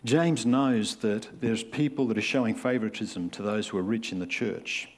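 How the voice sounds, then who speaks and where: A man's voice: fairly low pitch, normal speed. A man, preaching a sermon in a conversational way and acting out the people he describes. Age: 50s. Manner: conversational, acts out quoted voices.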